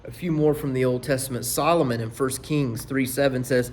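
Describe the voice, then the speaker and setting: A man's voice: medium pitch, fairly even intonation, fairly quick, hardly any pauses, a little mellow. A male pastor delivering a sermon, reading scripture with rising force and dropping to near whispers for emphasis. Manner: emphatic preaching that rises for scripture quotes and drops to near whispers.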